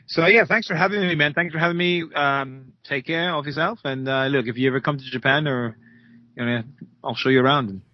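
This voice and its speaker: A man from Jamaica, a guest author, talking in a relaxed, friendly way during an interview over a call. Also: medium pitch, a little fast. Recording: dull, dry remote call audio.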